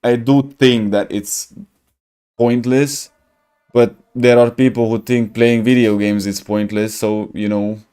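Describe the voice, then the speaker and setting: A man's voice: medium pitch, fairly even intonation, unhurried, warm tone, clear, resonant tone. Laughing man rambling over a game. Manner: laughs often, rambling and joking, searches for words. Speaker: gaming streamer. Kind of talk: casual gameplay commentary.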